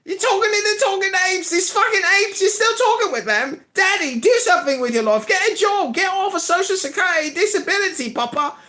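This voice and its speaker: A man voicing his young son, who scolds his father in a shrill, shouting put-on English accent. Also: animated, a little fast, hardly any pauses, exaggerated voice. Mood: scolding, shrill.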